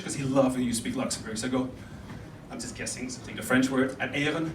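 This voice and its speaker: A man's voice: mid-range voice, steady tone, fast. A young man performing a stand-up comedy set on a club stage, rambling and chatty, laughing at his own jokes. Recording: roomy club sound from a distance with crowd noise.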